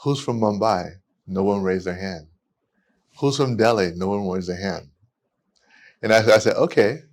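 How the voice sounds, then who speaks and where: A low-voiced man from the United States, an immigration attorney appearing as a guest, tells stories in a casual podcast conversation. He speaks at a moderate pace, animated, with many restarts.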